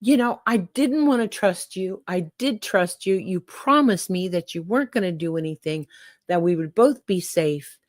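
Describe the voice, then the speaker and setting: A woman's voice: lowish voice, lively intonation, moderate pace, no room sound, clean studio sound, natural voice. A woman voicing a kind, trusting male frog in a told fable, indignant and exasperated. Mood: betrayed.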